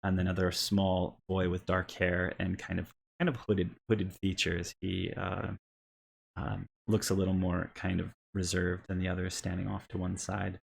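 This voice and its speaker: Low gravelly game master. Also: male voice, completely flat delivery, normal speed, slight background noise. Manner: rambling, many ums and restarts. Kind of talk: narrating a tabletop game.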